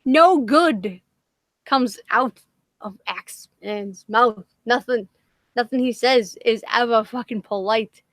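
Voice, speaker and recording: A woman from Massachusetts with a Boston accent hosts a casual livestream, swearing constantly and rambling along with self-deprecating jokes. Her voice is on the high side and fairly bright, she speaks slowly, and there's no echo.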